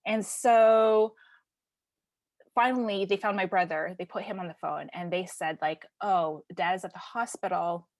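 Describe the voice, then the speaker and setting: Woman podcast host, from canada, personal story, halting with fillers, dry close sound. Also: fairly low pitch, no room sound. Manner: halting, many fillers and restarts, sometimes dropping to a hushed near-whisper. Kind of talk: personal storytelling in casual chat.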